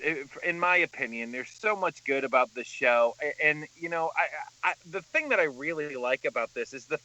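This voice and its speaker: A man's voice: mid-range voice, sharp tone, lo-fi sound. A man chatting on a podcast, talking with enthusiasm about what he likes. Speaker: podcast co-host. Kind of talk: casual chat.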